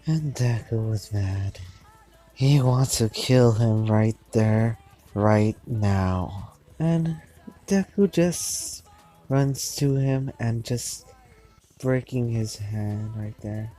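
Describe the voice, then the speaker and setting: Brief: slow, hesitant man narrating a homemade story, mellow tone, faint music behind. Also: medium pitch, low-quality recording. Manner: halting, with restarts and repeated words. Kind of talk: improvised fan-fiction narration.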